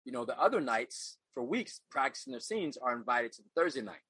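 A man's voice: mid-range voice, big pitch swings, fairly quick, fairly bright tone, slightly rough, dry recording, rough recording. A middle-aged man, a podcast guest, telling his life story in an earnest, reflective way, often repeating phrases as he searches for words. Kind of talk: casual interview storytelling.

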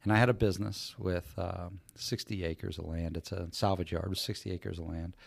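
A man co-hosting a podcast, telling a work story in a casual, animated way and acting out the people in it. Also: deep voice, normal speed, creaky, no room sound. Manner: animated storyteller, acts out quoted voices. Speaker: podcast co-host.

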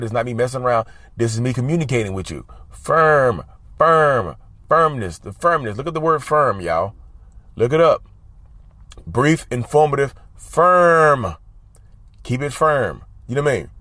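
A man's voice: mid-range voice, expressive, normal speed, fairly bright tone, no room sound. A man talking casually to his viewers, giving advice in an emphatic, repetitive way and often calling them y'all. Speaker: advice vlogger. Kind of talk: casual talk to camera.

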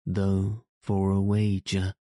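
A man's voice: low-pitched, monotone, takes it slowly, dark tone, no echo, clean studio sound. A man voicing a bold, cheerful teenage outlaw boy who jests in old-fashioned speech. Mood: boastful. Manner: jesting, archaic speech. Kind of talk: audiobook character reading.

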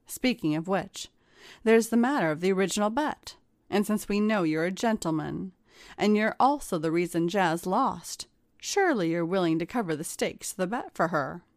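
A woman's voice: on the low side, animated, moderate pace, dry recording, studio quality. A woman voicing a cheerful, teasing young woman who speaks in a bubbly, coaxing way.

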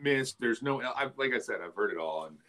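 A man's voice: mid-range voice, animated, fairly quick, fairly bright tone. A man who works as a play-by-play announcer, talking as a podcast guest over a video call, telling stories with frequent laughs and restarts. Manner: chatty storyteller, laughs often, restarts phrases. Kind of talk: casual chat.

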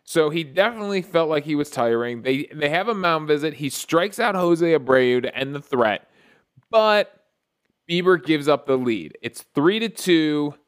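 A man hosting a podcast, recapping a baseball game in a casual solo talk with excited play-by-play storytelling and frequent restarts. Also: fairly high pitch, moderate pace, clean tone. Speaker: podcast host.

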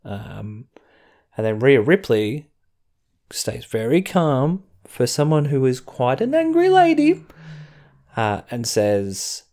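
A man's voice: mid-range voice, wildly swooping pitch, takes it slowly, mellow. An Australian man hosting a podcast, giving a casual, rambling wrestling recap full of chuckling asides. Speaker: podcast host.

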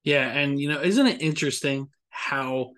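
A man's voice: mid-range voice, moderate pace, fairly bright tone. A man hosting a podcast interview over a video call, speaking candidly about his own experiences. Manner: candid, reflective, personal. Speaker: podcast host.

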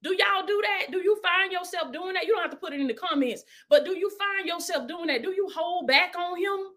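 Woman preacher with a high voice, casual sermon delivery that swings between urging and soft prayer. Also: fairly quick. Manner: preaching with call-and-response, dropping to hushed prayer.

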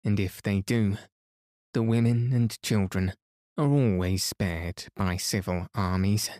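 A man's voice: on the low side, fairly even intonation, takes it slowly, a little mellow, no echo, studio quality. A man voicing an eager young girl who coaxes her siblings cheerfully, in a bedtime storybook reading. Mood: coaxing. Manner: coaxing, cheerful.

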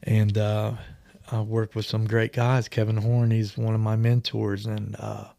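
A man's voice: fairly low pitch, monotone, measured pace, gravelly, mellow. A man in his forties, a podcast guest, telling his story in a casual, rambling way and often laughing mid-story, recorded in a studio.

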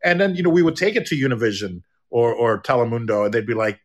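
A man's voice: medium pitch, fast talker. A middle-aged man hosting a podcast, chatting casually, rambling with many restarts and jokes. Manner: rambling, stumbling restarts, joking. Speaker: podcast host and comedian.

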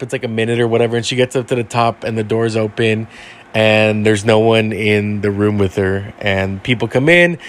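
A man casually telling a ghost story he heard from a friend, rambling with lots of fillers. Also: on the low side. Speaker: guest storyteller.

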